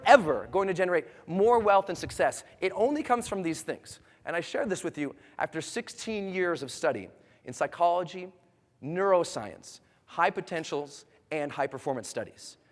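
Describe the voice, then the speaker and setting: A man in his thirties giving a motivational seminar speech, building from quiet storytelling to loud rallying cries. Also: a little high. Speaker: motivational speaker. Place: large hall with a live audience. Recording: long hall reverb.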